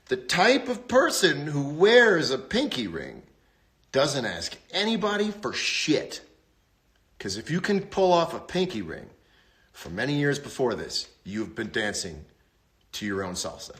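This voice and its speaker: A man hosting a casual livestream from his home, rambling through wry, deadpan jokes and talking to his viewers. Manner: rambling, wry, deadpan humor with sudden pitch jumps. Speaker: host. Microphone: phone livestream.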